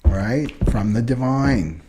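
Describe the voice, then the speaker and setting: Against very heavy noise, a man talks slowly at medium pitch with lively intonation in a casual teaching monologue. As an astrology and human design teacher, he rambles earnestly about personality types, repeatedly asking "right?"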